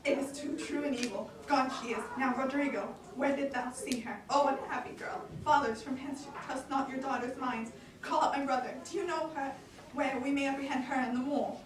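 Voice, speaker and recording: Woman as an outraged older senator; high, roomy, distant stage sound with audience. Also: a little fast, crowd noise, close to an everyday voice. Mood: indignant. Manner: indignant, exclaiming. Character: older male senator, an angry, alarmed father. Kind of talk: amateur stage acting.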